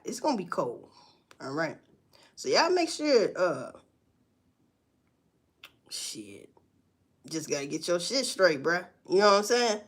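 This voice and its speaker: Blunt, animated woman streaming live. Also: medium pitch. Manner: blunt and profane, with emphatic rising outbursts. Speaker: livestream host. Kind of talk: casual livestream chat to viewers.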